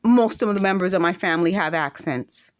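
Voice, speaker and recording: Brisk and low-voiced, this accented woman vlogger addresses the camera in an indignant monologue. Rhetorical questions come rapid-fire and emphatic.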